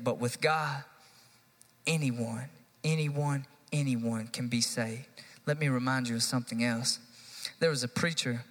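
In a church sanctuary with long hall reverb, a youth pastor from the United States delivers a live sermon to the congregation, rising to emphatic, repeated lines. His voice is medium in pitch and a bit bright.

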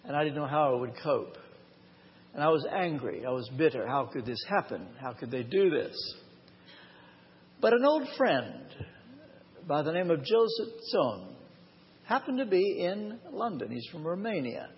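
A man preaching a live sermon, his voice sitting fairly high. He tells his story earnestly and drags out the key phrases for weight. The recording is dull and washed in long reverb from a large church hall. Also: big pitch swings. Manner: earnest, personal storytelling with emphatic slowed phrases. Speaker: pastor.

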